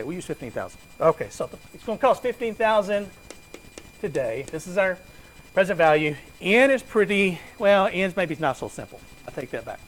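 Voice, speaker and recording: A man's voice: high voice, a little hiss or hum, low-quality recording. A man giving a conversational finance lecture to a class, asking students questions and joking with them.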